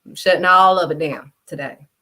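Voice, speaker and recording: A woman's voice: lowish voice, a little fast, bright, forceful tone. A woman vlogger giving a blunt, scolding faith talk straight to camera. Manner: blunt, direct, scolding, refuses to sugarcoat. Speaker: vlogger and kids' modeling teacher.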